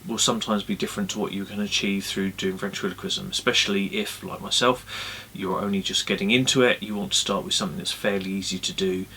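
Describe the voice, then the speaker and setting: A man giving casual puppetry tips in a relaxed, friendly way with many ums, recorded indoors on a camera-mounted mic. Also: deep voice, fast talker, few pauses, a little hiss or hum. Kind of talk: casual instructional talk.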